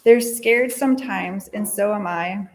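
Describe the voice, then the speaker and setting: A woman telling a story for all ages during a worship service, slow and gentle with repeated refrains. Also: medium pitch.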